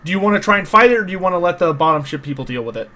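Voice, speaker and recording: A man's voice: high voice, expressive, rapid-fire, bright, forceful tone. A man narrating a tabletop game as game master, explaining the rules patiently with many small hesitations.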